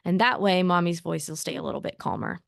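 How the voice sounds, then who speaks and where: A woman in her thirties, a therapist co-host, giving calm, reassuring parenting advice in a conversational way. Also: on the low side, fast talker, vocal fry, no room sound, studio quality.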